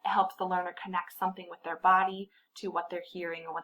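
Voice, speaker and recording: A woman gives a short instructional tip for literacy tutors. She speaks in a clear, patient teaching voice and draws out example words slowly to show where the stress falls. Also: fairly low pitch, level tone, a bit bright, low-quality recording.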